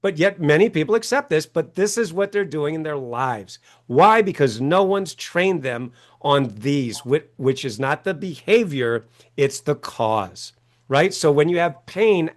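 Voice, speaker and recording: In animated interview talk, a man who's an author and coach appears as a guest, speaking at a measured pace in a slightly high, animated voice. He acts out quoted voices, speaks emphatically, and frequently asks "right?".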